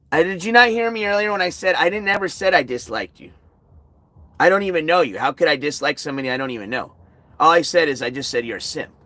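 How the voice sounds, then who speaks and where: A man's voice: medium pitch, bright, forceful tone. A tired man hosting a casual outdoor livestream at night, talking bluntly and sarcastically to his chat. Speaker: livestream host.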